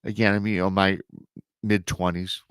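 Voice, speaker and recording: A man in his thirties, a podcast guest, telling a personal paranormal story in a casual, animated way and acting out the people he quotes. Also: low voice, normal speed, clean tone, no echo. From Michigan.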